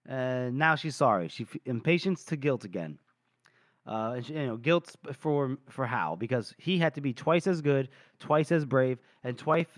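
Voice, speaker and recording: A man's voice: mid-range voice, dry recording, studio quality. A man co-hosting a podcast, chatting casually about a book and retelling scenes. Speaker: podcast co-host.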